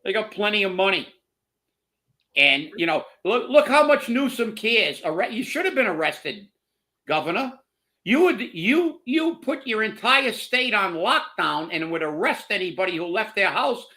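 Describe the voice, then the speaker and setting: Brief: heated male commentator, high and bright voice, profane rant. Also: big pitch swings, measured pace. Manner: heated, profane, repeats words when worked up. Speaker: co-host of political commentary show. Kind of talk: angry political rant.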